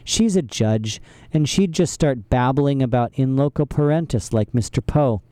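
A man's voice: mid-range voice, normal speed, mellow, clear, resonant tone, no echo, natural voice. A man voicing a clever, worried teenage girl who speaks in an earnest, glum way.

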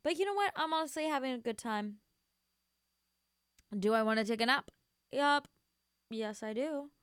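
A woman's voice: high voice, lively intonation, moderate pace, a bit bright, clean tone, no room sound, clean studio sound. A young woman hosting a radio show, chatting casually and rambling between songs while sleepy and yawning, gushing with many fillers. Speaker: radio host.

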